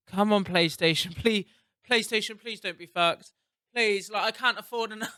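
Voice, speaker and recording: A man doing excitable, sweary gameplay commentary and narration, laughing often. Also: high voice, moderate pace, no echo, clean studio sound. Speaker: gaming YouTuber.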